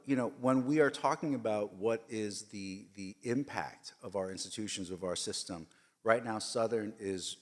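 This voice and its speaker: A man giving a formal speech at a board meeting, emphatic and repetitive, with frequent fillers. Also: on the low side. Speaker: system leader giving a report. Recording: long reverb of a large hall.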